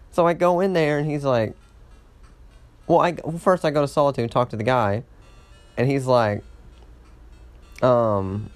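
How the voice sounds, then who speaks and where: A man's voice: medium pitch, moderate pace, long pauses, no echo. A man chatting casually while playing a game, rambling through a story, swearing often and laughing at his own mishaps. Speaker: gamer. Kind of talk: casual let's-play commentary.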